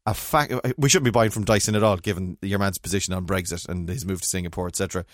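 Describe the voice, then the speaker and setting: A man, co-hosting a casual chat and telling rambling, animated stories full of restarts. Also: low-pitched, fast, no room sound, clean studio sound. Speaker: podcast co-host.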